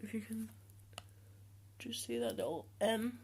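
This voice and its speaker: A seventeen-year-old young man talking casually to the camera in a vlog, hesitant with many ums and restarts, speaking in a voice he has deliberately trained lower. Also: big pitch swings, darkish tone, husky. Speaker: vlogger.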